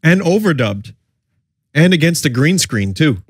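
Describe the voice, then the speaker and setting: A man's voice: on the high side, very animated, a little slow, husky, no room sound, studio quality. A man who is a little sick, giving wry, joking live commentary on commercials as a streamer. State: sick, voice affected.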